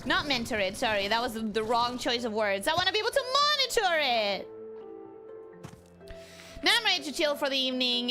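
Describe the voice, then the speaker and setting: A woman's voice: sits high, very animated, fairly quick, long pauses. A young woman chatting with her viewers as she streams a game from home on a desk mic, bubbly and talkative, with game music playing behind her. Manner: bubbly, chatty, talks to chat. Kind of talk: casual game stream chat.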